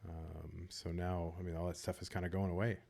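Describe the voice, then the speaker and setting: A man's voice: sits low, level tone, a little fast, creaky, a little mellow. Chatty man calling a game. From Boston. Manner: chatty, rambling, joking asides. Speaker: tournament commentator. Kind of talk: casual live game commentary.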